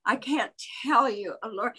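An older woman, a biographer, telling a long story in an interview in a candid, wry and animated way. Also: a little high, unhurried, breathy edge, low-quality recording.

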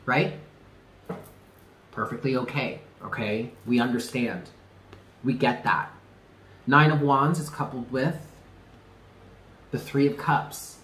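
A man's voice: medium pitch, slow pace, pauses often, fairly bright tone, echoey room, slight background noise, low-quality recording. A man giving a casual tarot reading to camera, talking in an emphatic, chatty way and repeating himself with slangy asides. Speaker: tarot reader.

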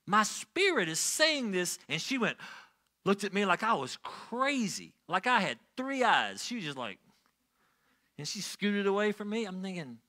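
A middle-aged man preaching a sermon as a pastor, telling stories and swinging from quiet asides to loud, excited bursts. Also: sits high, a little slow.

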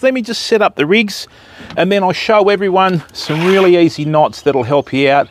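A man's voice: sits high, moderate pace, slight background noise. An Australian man hosting a fishing livestream outdoors, chatting casually and joking with viewers. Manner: jokey, chatty, greets viewers by name. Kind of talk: casual live-stream chat. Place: outdoors by a river.

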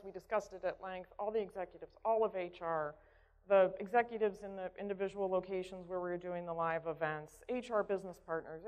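A woman telling a story at a conference, chatty and conversational, often checking in with the audience. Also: on the low side. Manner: conversational, keeps asking "right?". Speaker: conference speaker. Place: conference hall stage. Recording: dull sound in a reverberant hall.

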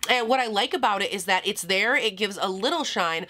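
Young woman beauty vlogger, kinda nasal, bright chatty voice, jokes on herself a lot. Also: medium pitch, a little fast. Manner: chatty, giggly, self-deprecating asides. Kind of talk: casual makeup review to camera.

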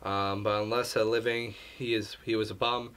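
A man's voice: fairly low pitch, flat delivery, normal speed, fairly bright tone, smooth, natural voice. Man reading as a stern controlling mother. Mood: scolding. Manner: reading text messages aloud in his own voice. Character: stern controlling mother texting her daughter.

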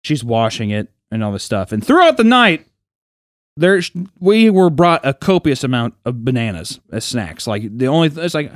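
A man's voice: mid-range voice, normal speed, no room sound, clean studio sound. A young man on a podcast, telling a childhood story in casual, profane chat and acting out the people in it. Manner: animated, profane, acts out quoted voices. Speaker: podcast co-host.

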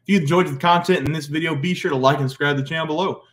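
Brisk upbeat male betting-show host. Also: on the high side, steady tone, fairly bright tone. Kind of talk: sports betting picks chat.

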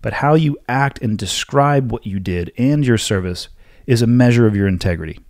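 A man hosting a solo podcast, answering listener questions in a blunt, forceful, lecturing way. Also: medium pitch, expressive, moderate pace, dry recording, studio quality. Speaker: podcast host.

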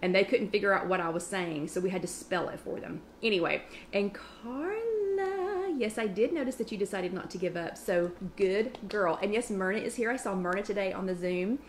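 A Southern woman hosts a casual live-stream chat from home, rattling on fast and friendly. She rambles and jumps between asides, heard through a webcam mic. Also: mid-range voice, slight background noise. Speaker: host of a live online chat.

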